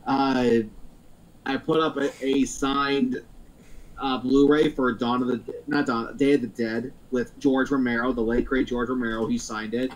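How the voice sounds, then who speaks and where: A man's voice: medium pitch, level tone, measured pace, slight background noise, rough recording. A man hosting a casual podcast chat, rambling through stories with lots of fillers and frequent laughs. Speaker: podcast host.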